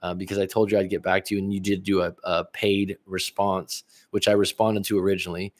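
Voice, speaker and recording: A man's voice: deep voice, level tone, fairly quick. A middle-aged male relationship coach in a casual livestream chat, rambling and reading viewer comments aloud with many restarts. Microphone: livestream webcam.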